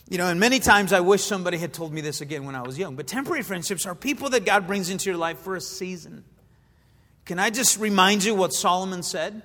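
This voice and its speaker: High bright-voiced preaching man, hall echo. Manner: animated preaching with frequent fillers and asides. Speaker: pastor. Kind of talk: sermon. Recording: long reverb of a large hall.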